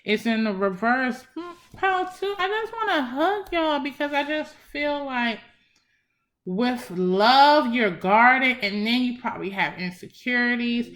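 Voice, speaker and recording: A woman's voice: a little high, lively intonation, a little slow. A young woman giving a casual psychic love reading, emphatic and chatty, speaking straight to her viewers. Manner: warm, emphatic, addresses viewers as y'all. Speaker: tarot reader. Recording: faint background music.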